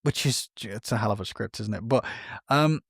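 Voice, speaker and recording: A man's voice: on the low side, moderate pace, vocal fry, husky, no echo, clean studio sound. A man, co-hosting a podcast and chatting casually about film news in a rambling, self-correcting way. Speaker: podcast co-host.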